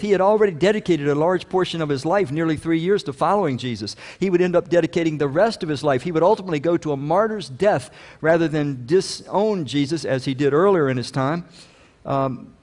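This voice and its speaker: A pastor preaching a sermon in a conversational way, growing loud and emphatic when he reads scripture. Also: a little high, big-room sound. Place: church sanctuary.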